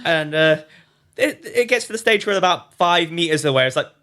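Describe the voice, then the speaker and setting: Bright-voiced man chatting. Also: fairly high pitch, animated, moderate pace. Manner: laid-back, swears casually. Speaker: podcast co-host. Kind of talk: casual storytelling chat.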